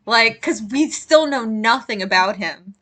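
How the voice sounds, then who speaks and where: A woman player chats hesitantly during a tabletop game, leaning on "like" a lot. Her voice is bright and somewhat high. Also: animated, unhurried. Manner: chatty, hesitant, many "like"s. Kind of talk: casual tabletop role-play.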